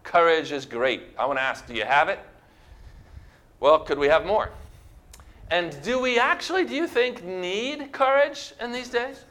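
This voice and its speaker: A man's voice: high voice, expressive, a little slow, a bit bright. A man preaching a sermon, emphatic and full of rhetorical questions to his congregation.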